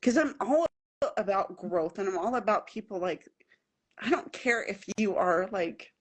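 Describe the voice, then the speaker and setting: Woman podcast guest, mid-pitch, earnest chatty storyteller who repeats lines for emphasis. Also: slightly rough. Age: adult with children at home. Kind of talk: casual personal storytelling.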